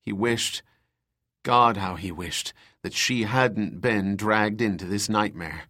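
Slow, measured male audiobook narrator. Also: lowish voice, pushed and bright. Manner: slow, measured, dramatic reading with voiced dialogue.

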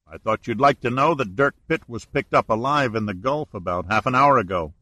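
A man voicing a polite, brisk male customs agent. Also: medium pitch, pushed and bright, dry recording.

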